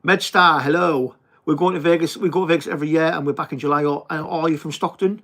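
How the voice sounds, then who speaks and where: Chatty Teesside bloke on a livestream. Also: male voice, on the high side, fairly even intonation, fast talker, a bit bright. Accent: Teesside English. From England. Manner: chatty, blokey, swears and says mate often. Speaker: livestream host. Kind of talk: casual livestream chat reading viewer comments.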